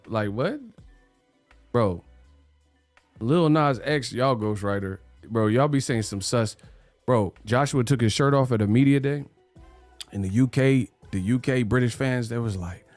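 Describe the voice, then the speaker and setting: A man hosting a boxing livestream, talking in animated slang and laughing often. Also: medium pitch, normal speed, no room sound, soft background music. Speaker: boxing channel host. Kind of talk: livestream commentary.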